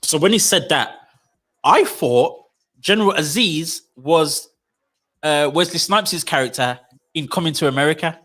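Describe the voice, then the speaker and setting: Bright-voiced guy, chatty. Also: fairly high pitch, measured pace. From United Kingdom. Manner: animated, stammering restarts, slangy. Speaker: podcast co-host. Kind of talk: casual chat.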